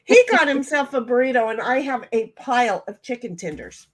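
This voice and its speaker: A woman's voice: a little high, lively intonation, normal speed. A woman hosting a game stream in casual chat, reading chat messages aloud in a bubbly, rambling way. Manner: bubbly, rambling, laughs often, loud greetings. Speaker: stream host.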